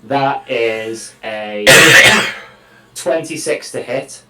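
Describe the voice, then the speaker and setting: A man playing a tabletop game, counting out dice rolls slowly and deliberately, swearing now and then. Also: medium pitch, echoey room, heavy background noise. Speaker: player.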